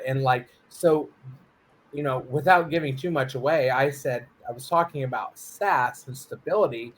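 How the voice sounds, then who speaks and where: A man's voice: mid-range voice, moderate pace. Man, co-host, rambles and acts out quotes in casual talk. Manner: rambling, storytelling with acted quotes. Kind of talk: casual chat.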